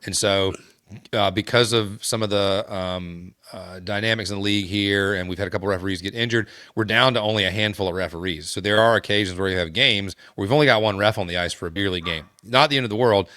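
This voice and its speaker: A man with a lowish voice hosts a casual podcast and rambles through a story, stopping and restarting often. The sound is dry and close, with no room around it. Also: fast talker, pushed and bright, no room sound. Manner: rambling, many fillers and restarts. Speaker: podcast host.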